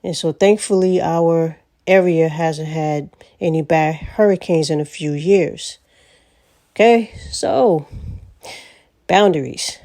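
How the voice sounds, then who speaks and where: A woman's voice: sits low, dark tone. A woman vlogger telling stories in a casual monologue, blunt and profane, laughing often.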